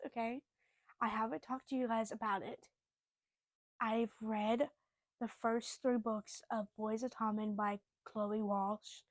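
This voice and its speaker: A young woman vlogger chatting casually about books, rambling and emphatic, now and then dropping to a soft whisper. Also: a little high, no room sound.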